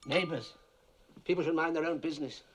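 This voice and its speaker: A man's voice: a little high, fairly even intonation, fairly quick, a little hiss or hum, natural voice. A man playing a bitter brooding widower. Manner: grim, brooding.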